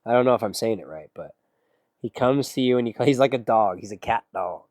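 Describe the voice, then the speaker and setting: A man's voice: mid-range voice, animated, fairly quick, darkish tone, dry recording. Male music streamer, casual and sarcastic, mid-range voice, dry recording. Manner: sarcastic, laid-back, slangy. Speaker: music streamer taking song requests. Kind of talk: casual livestream chat.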